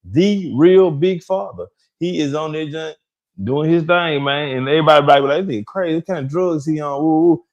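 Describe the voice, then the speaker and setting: A man's voice: fairly high pitch, steady tone, fast, lo-fi sound. A man with a Detroit accent co-hosting a casual gossip talk, drawling and laughing often. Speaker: gossip show co-host.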